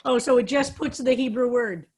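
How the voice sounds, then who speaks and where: A woman's voice: fairly high pitch, normal speed, darkish tone, husky. A woman rabbi leading an online psalm study, explaining Hebrew words and roots on a video call. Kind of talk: online Bible study class.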